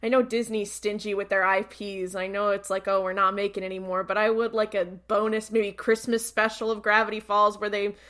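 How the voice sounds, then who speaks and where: Woman podcast co-host, bright tone, sarcastic and joking, over-the-top mock anger. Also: medium pitch, little pitch movement, brisk, few pauses. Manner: joking, exaggerated outrage, laughs while talking. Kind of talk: casual chat.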